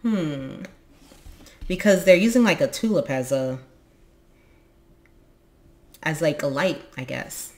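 A woman's voice: deep voice, expressive, takes it slowly, pauses often, a little mellow. A woman reading a children's book aloud on her book channel, with casual, musing asides. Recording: echoey room.

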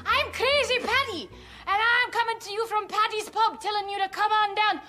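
An actress playing a brash young woman who makes a cheesy bar commercial and talks in a loud, over-the-top way. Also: very high-pitched, normal speed, soft background music. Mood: hammy.

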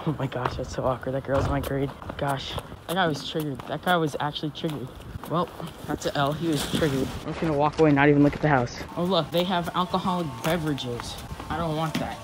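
A man's voice: a little high, steady tone, a little fast. A teenage boy vlogging a prank, talking in a joking, slangy, trolling way. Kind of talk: prank vlog. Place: outdoors on a residential street. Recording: outdoor street noise.

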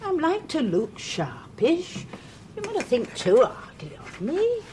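A woman's voice: high voice, huge pitch swings, slow, a little mellow, a little hiss or hum, heavily acted. An old northern english housekeeper, blunt and homely, voice swinging up and down as she frets and makes amends. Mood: apologetic. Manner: blunt dialect speech, chuckling apologetically. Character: plain-spoken old woman servant, wary but softening. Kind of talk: period TV drama acting.

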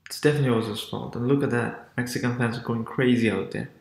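A man giving excited casual reaction commentary as a sports vlogger, exclaiming often. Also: medium pitch, fast, gravelly, roomy sound.

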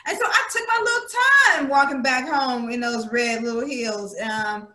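A woman in casual chat, telling stories in an animated, expressive way, recorded in an echoey room. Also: fairly high pitch, normal speed.

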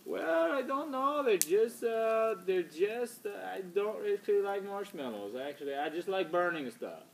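A man's voice: high voice, very animated, unhurried, pitched above the performer's own voice, exaggerated voice. A man voicing an overly polite male party guest, using a vague foreign accent of no fixed place. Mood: gushing. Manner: gushing, polite, hesitant.

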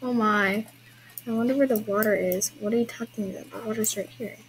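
Hosting an online horse-riding trail ride, a young female game vlogger chats casually with viewers and apologizes with small laughs as she plays. Her medium-pitched voice is brisk with fairly even intonation, and the low-quality recording has a little hiss or hum.

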